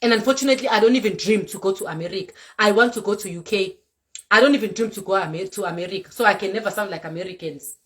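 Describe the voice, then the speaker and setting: A woman's voice: mid-range voice, very fast, fairly bright tone. A young woman from South Africa speaks with a South African accent, talking straight to camera in an emphatic, lecturing way. She keeps going back to the same points and drops in the odd Zulu word. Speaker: content creator. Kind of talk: direct-to-camera rant vlog.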